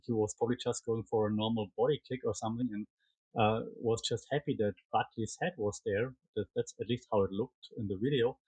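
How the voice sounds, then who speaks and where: Man, German accent, husky voice, dry close sound, chatty rambling fight recap. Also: on the low side, fairly even intonation, brisk, dark tone, no room sound, rough recording. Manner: chatty, rambling, frequent fillers and restarts. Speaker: MMA commentary podcaster. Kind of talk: casual solo fight recap.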